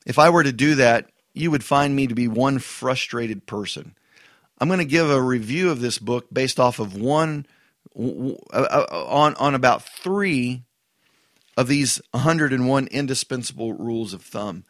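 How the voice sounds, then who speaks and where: A man, a pastor, talking through a book review in a casual, halting way, often repeating words and adding emphatic asides. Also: mid-range voice, lively intonation, fairly bright tone, dry recording, clean studio sound.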